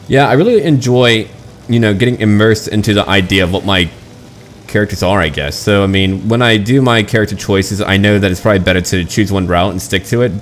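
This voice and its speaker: A man casually commenting on his online role-playing game, chatty and self-mocking about getting lost. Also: low voice. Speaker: gaming channel host.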